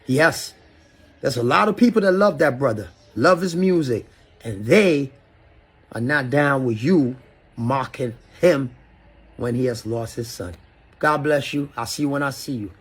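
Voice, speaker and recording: A man's voice: medium pitch, unhurried, breathy edge. A middle-aged man with a Ghanaian accent delivering a heated, profane video rant at his critics, lecturing and mixing in local phrases. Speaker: artist addressing critics.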